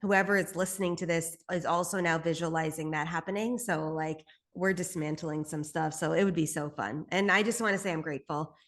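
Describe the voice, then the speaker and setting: A woman's voice: sits low, steady tone, brisk, hardly any pauses, a bit bright. A woman from Canada, a spiritual guide appearing as a podcast guest, who speaks earnestly and emphatically, repeats her points and swears casually.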